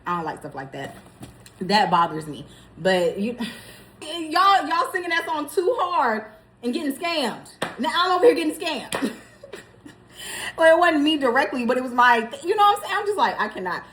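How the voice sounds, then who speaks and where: A young woman vlogger telling a story in a casual, animated way, laughing as she goes. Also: sits high, normal speed, slight background noise.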